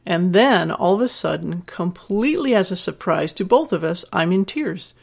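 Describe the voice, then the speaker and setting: A woman's voice: lowish voice, animated, moderate pace, vocal fry, breathy edge. A woman over fifty, a sex educator and podcast host, talking frankly and candidly to a listener and telling personal stories in a reassuring teaching tone. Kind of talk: podcast advice talk to a listener.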